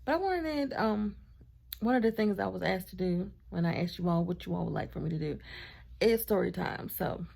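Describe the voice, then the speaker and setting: A woman tells a storytime in a casual vlog, chatty and animated, making asides to her partner off camera. Her voice is mid-range and gravelly, at a moderate pace.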